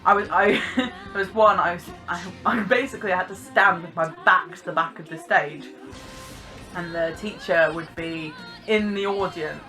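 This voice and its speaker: A young woman with a posh English accent and a bright, clear voice. She talks in a lively, theatre-trained way, enunciating crisply as she gives casual commentary. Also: fairly low pitch, moderate pace, faint music behind. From Britain. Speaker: vlogger.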